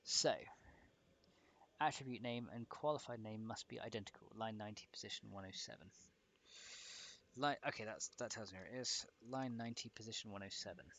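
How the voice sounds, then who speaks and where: A man's voice: lowish voice, a little fast, a bit bright, a little hiss or hum. A young man streaming, talking himself through fixing a game mod and chatting with viewers. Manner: muttering to himself while troubleshooting, chatty with viewers. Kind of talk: casual livestream commentary while modding.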